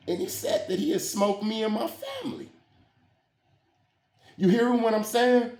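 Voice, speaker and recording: A man's voice: sits high, huge pitch swings, a little slow, long pauses, a little mellow. A man telling a story from his own life in casual, slangy street talk, often checking in with "you hear what I'm saying". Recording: roomy echo.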